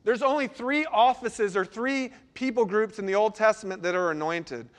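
A man pastor preaching a sermon, swinging between lively emphasis and quiet, intense passages. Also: sits high, normal speed. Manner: dynamic delivery, sudden drops to quiet intensity.

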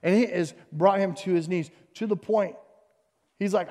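A man preaching a sermon, swinging between hushed and loud passages and repeating phrases for emphasis. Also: sits high, normal speed, long reverb tail. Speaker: pastor.

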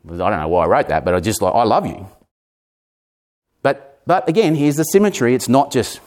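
Man in his forties, sermon, low voice, emphatic, rises and drops in intensity. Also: lively intonation, normal speed. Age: 40s. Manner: emphatic, repeats words, shifts between raised and hushed delivery. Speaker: preacher.

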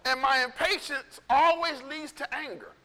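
A male pastor preaching in a casual storytelling way, animated and conversational, acting out what people said. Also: extremely high pitch, moderate pace, long reverb tail. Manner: animated, conversational, acts out quotes. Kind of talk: storytelling sermon.

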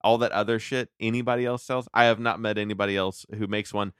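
Man, casual co-host, rambly and hesitant, smooth and dry. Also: lowish voice, steady tone, fast talker, a bit bright, no room sound. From Southern Illinois. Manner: rambling, hesitant, lots of fillers and restarts. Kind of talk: casual chat.

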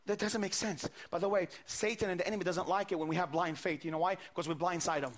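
A man's voice: high voice, fairly even intonation, quick pace, hardly any pauses. A man preaching a sermon, retelling a scripture story with quoted dialogue and frequent repeated words.

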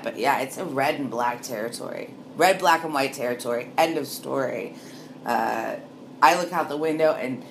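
Speaking in a rumbling low voice, a woman in her late thirties drifts through a casual monologue, trailing off and frequently laughing. Slight background noise can be heard.

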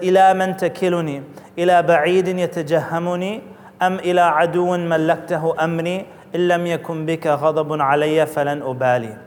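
A man with a fairly high voice gives an earnest religious lesson, moving between storytelling and Arabic recitation. His voice rings in a hall with long reverb. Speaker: Islamic teacher.

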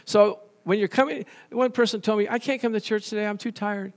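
A man preaching a sermon as pastor, animated and conversational, telling stories and restarting phrases. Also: sits high, fairly quick, hardly any pauses.

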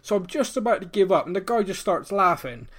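A man's voice: sits high, fairly quick. A man from England co-hosting a casual football podcast, telling a jokey anecdote. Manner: storytelling, jokey, animated. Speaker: podcast co-host. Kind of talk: casual chat.

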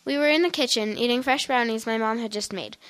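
A woman reading a first-person story aloud in a plain, steady way. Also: a little high, fast talker, clear, resonant tone.

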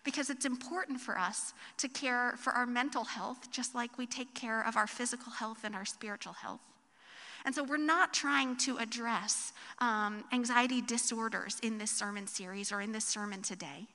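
Woman pastor, high bright voice, chatty storytelling sermon style, church hall reverb. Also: moderate pace. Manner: conversational, tag questions and animated storytelling. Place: church sanctuary.

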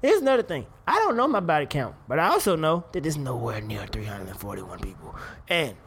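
A young man hosts his own show and talks in a loose, casual way, swearing and laughing often. His voice sits a little high and swings up and down a lot. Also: fairly quick, a crowd in the background. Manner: animated, profane, laughs often. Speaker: podcast host. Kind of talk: casual commentary.

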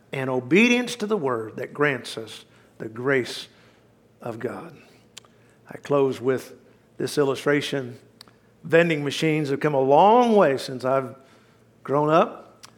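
A man's voice: on the high side, fairly bright tone. A male pastor, preaching a sermon in a folksy, emphatic way with bits of humor.

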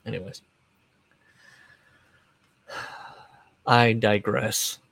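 A man with a lowish, creaky, fairly bright voice and a breathy edge hosts a casual solo podcast, drawing out his words in a level tone. He rambles and digresses, trailing off, starting over, and laughing at his own comments. The recording is dry.

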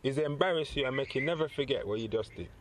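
A man chatting casually on a podcast, telling stories in an animated, slangy way. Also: medium pitch, fast, over a noisy crowd. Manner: animated storyteller, slangy and laughing. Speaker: podcast co-host. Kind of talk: casual chat.

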